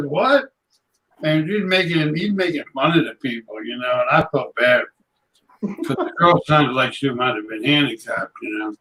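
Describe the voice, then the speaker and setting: A man telling a chatty, animated anecdote in casual conversation. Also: on the high side, moderate pace, rough recording. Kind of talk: casual storytelling.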